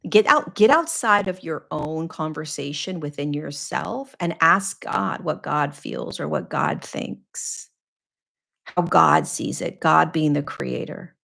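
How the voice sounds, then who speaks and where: Woman host, spiritual teacher, low-pitched and gravelly, earnest coaching delivery with repetitions. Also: fairly bright tone. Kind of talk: live Q&A talk.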